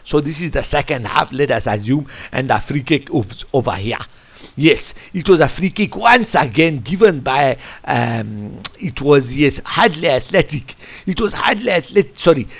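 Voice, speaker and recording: A man coaching football, reviewing a match over a tactics board in an animated, rambling way. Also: mid-range voice. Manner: animated, rambling, keeps saying "I tell you". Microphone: computer mic. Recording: lo-fi screen recording.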